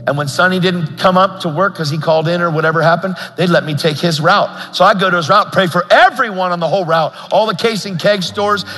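Bright-voiced fervent male preacher. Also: high-pitched. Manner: fervent, rising to impassioned appeals. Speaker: guest preacher. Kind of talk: storytelling sermon. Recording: long hall reverb.

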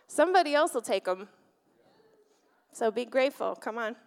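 A woman delivers an animated sermon from the front of a church, her voice sitting somewhat high. She keeps turning to the congregation with questions. The sound carries the long reverb of a church hall. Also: moderate pace, vocal fry. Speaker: pastor. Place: church sanctuary.

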